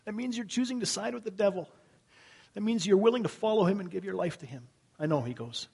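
A pastor delivers his sermon in a slightly raised, husky man's voice. He surges into loud emphatic bursts, then sinks to quiet, low-pitched lines for weight. The delivery is earnest and driven. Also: fast.

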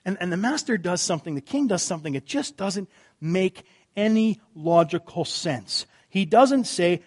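A man preaching a sermon in a conversational way, asking rhetorical questions and dropping to quiet emphasis on key words. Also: sits high, expressive, moderate pace, husky. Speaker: pastor.

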